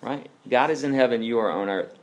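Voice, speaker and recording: A man's voice: medium pitch, fairly quick, highs cut off. A man preaching a casual, conversational sermon as a pastor, chatty and informal, with many tag questions and fillers.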